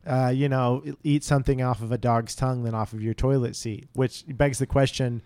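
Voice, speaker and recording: A man's voice: mid-range voice, steady tone, fairly quick, a little mellow, smooth. A man co-hosting a casual comedy podcast, loose and joking. His voice sits in the middle range. The sound is dry and close, with no room echo. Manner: joking, trails off and restarts, laughs often. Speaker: podcast co-host.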